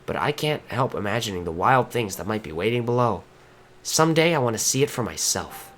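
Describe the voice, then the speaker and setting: A man reading aloud the lines of a cheerful, earnest young girl companion from a game, in a gentle, encouraging way. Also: medium pitch, very animated, a little fast. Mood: wistful.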